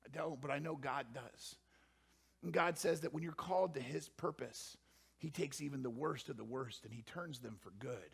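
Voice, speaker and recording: A man preaching a sermon as pastor, animated and swinging from hushed tones to shouting. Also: fairly high pitch, moderate pace, gravelly, slightly rough.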